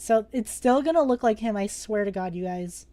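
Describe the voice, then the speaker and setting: A young woman teaching a casual live-streamed drawing lesson, playful and joking, excitable, with casual swearing. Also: medium pitch, normal speed.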